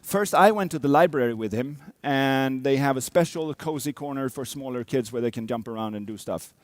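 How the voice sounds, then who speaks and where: A man's voice: medium pitch, brisk, no echo, studio quality. A man in his thirties, a coach, telling a personal story to an audience, acting out sounds and quotes. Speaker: speaker, coach.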